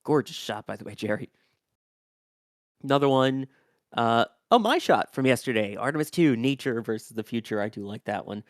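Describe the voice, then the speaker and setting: A man's voice: medium pitch, animated, moderate pace, no room sound, clean studio sound. A man hosting a live rocket launch stream, chatting casually, reading out viewer messages and thanking the crew.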